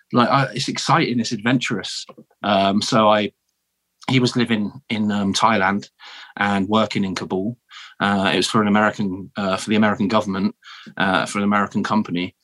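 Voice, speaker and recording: A British man with a fairly low voice talks as a podcast guest. His storytelling is easygoing and chatty, with frequent "man" and "um" along the way. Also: flat delivery, fairly quick, a bit bright. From United Kingdom. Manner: laid-back, chatty, often says "man" and "um". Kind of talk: casual interview storytelling.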